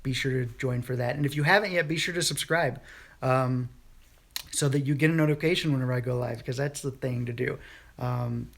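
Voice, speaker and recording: Man, 30s, vlogger; casual rambling storyteller, fillers and restarts, mid-pitched voice. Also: fairly quick, creaky. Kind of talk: casual morning vlog storytelling. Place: home, in bed.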